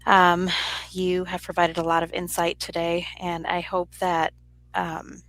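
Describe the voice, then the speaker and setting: Woman, co-host, encouraging, flat delivery, lowish voice. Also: measured pace, no room sound, rough recording. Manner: encouraging, supportive. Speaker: podcast co-host. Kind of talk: casual chat.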